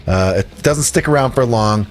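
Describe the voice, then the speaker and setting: A man in casual podcast chat, rambling through a record review with jokes and bursts of laughter. His voice sits at an ordinary middle pitch, and faint music plays underneath. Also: moderate pace. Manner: rambling, jokey and animated, laughing at his own lines.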